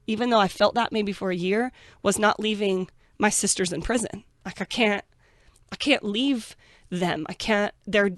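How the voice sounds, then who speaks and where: A woman's voice: medium pitch, dry recording, clean studio sound. A woman guest in an interview, telling her own story in a blunt, frank way and acting out the people she quotes. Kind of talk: candid interview talk.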